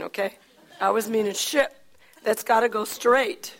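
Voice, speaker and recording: A woman preacher telling a Bible story in a chatty, animated way with frequent laughs and asides. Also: medium pitch, moderate pace, gravelly, pauses often. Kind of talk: sermon storytelling.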